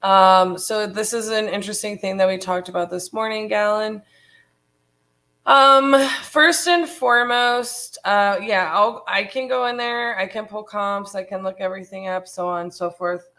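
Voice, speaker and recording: A woman's voice: medium pitch, steady tone, normal speed, bright, forceful tone, rough recording. A woman co-founder of a real estate business talking casually and frankly on a live stream, full of fillers like "um" and "you know". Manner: chatty, frank, many fillers.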